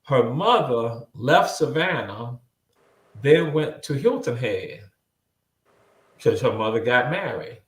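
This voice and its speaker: Guy on a video call interview, animated storyteller, repeats himself a lot, kinda echoey room. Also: mid-range voice, takes it slowly, long pauses. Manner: animated, repeats words, acts out quoted voices. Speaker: guest.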